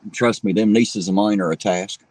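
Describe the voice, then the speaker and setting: A man's voice: on the low side, steady tone, brisk, darkish tone, dry recording. A middle-aged man from southern Ohio with an Appalachian drawl, chatting casually and profanely as he reads viewer comments on a livestream from a parked car. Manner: folksy, profane, laid-back. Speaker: livestream host.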